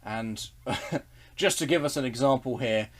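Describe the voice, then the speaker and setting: A man's voice: mid-range voice, a little slow, noisy background. Earnest man leading a Bible study. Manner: earnest and enthusiastic, with frequent restarts and chuckles. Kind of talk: casual online Bible study talk.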